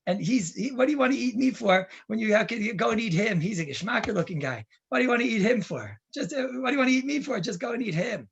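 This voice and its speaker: A man's voice: very high voice, animated, quick pace, few pauses, muffled recording, full character voice. A man voicing a sly, skinny little male fox who talks his way out of trouble, in a storytelling sermon. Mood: coaxing. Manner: smooth-talking, persuasive.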